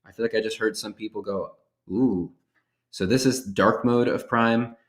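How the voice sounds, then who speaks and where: An upbeat man giving a casual step-by-step software walkthrough at a workshop. His voice carries some room echo, and faint music plays underneath. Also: fairly low pitch, steady tone, normal speed. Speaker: workshop presenter. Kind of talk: software tutorial demonstration.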